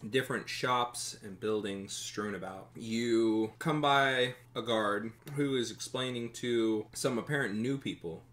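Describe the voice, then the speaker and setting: A man runs a tabletop game, setting each scene in a slow, measured way. His voice is bright and clear. Sentences often fade down softly at the end. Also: mid-range voice, a little hiss or hum. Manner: slow, descriptive narration trailing off quietly. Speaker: game master.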